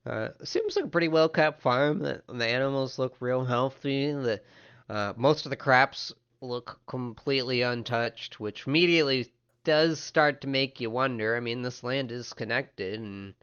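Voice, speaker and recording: A man narrating a tabletop game as game master, halting with many restarts. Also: medium pitch, fairly bright tone, clear, resonant tone, lo-fi sound.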